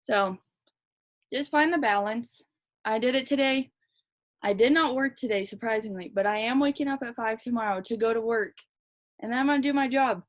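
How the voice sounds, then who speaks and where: A young woman team leader giving a fast, chatty, energetic motivational talk to her team. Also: a little high. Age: young adult. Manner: fast, chatty, energetic, lots of "like" and "you guys". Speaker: direct sales team leader.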